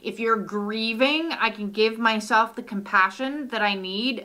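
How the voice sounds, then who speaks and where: A woman's voice: on the high side, a little slow, few pauses, pushed and bright. A middle-aged woman hosting a live oracle card reading from her home studio, talking in a soothing way with lots of "uh" fillers.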